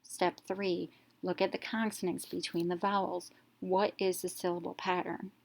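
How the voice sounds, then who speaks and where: Woman, teacher, lowish voice, phonics lesson, slow and deliberate, sounds out each letter. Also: flat delivery, gravelly, darkish tone.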